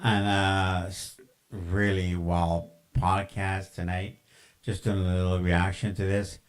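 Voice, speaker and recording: A man casually introducing himself as host of a reaction video, offhand and relaxed. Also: low voice, slow pace.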